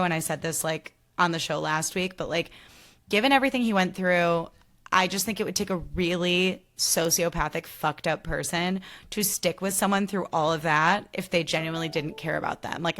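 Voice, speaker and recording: A woman hosting a podcast in a gushing, animated way, full of fillers like "like". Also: fairly low pitch. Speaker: podcast host. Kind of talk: casual podcast chat.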